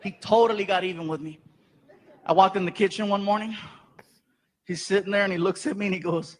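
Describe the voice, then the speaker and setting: A man performing stand-up, telling an animated story and acting out the voices, on stage before a live audience. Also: high-pitched, brisk, pauses often, poor audio. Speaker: stand-up comedian. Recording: live stage recording with background noise.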